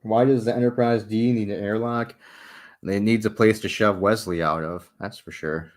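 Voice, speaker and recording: A young man with a fairly low voice talks with his viewers late at night from home, cracking jokes at his own expense. He swears freely and breaks into laughter often, loose and unhurried. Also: steady tone. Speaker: livestreamer building a model ship.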